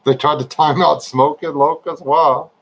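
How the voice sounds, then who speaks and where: A man's voice: a little high, steady tone, a little slow, gravelly, husky, low-quality recording. A man hosting a livestream, chatting casually with viewers and joking around with them. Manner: laid-back, joking, chatting to viewers by name. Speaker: livestream host.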